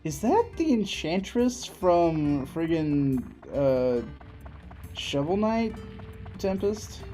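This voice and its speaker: A woman's voice: lowish voice, very animated, drawn-out words, mellow, faint music behind. A young woman co-hosting a gaming stream, chatting in a laid-back, wry and teasing way. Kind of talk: casual chat while watching a game.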